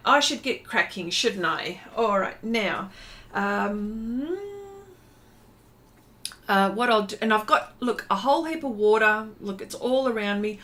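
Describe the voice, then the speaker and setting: A woman's voice: a little high, bright, forceful tone. A woman hosting a casual art livestream, chatting in a rambling way with many fillers and greeting viewers by name.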